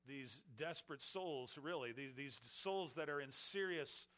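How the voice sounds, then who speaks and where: A man's voice: on the high side, measured pace. A man preaching an expository sermon, acting out the questioners' mocking lines as he explains the text. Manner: animated, acts out the questioners with mocking voices. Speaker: pastor.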